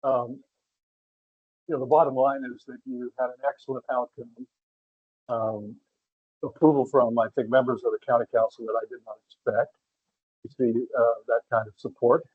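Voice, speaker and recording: A man chairing a public commission meeting, speaking haltingly and clearing his throat often. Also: mid-range voice, steady tone, no echo, phone-quality sound.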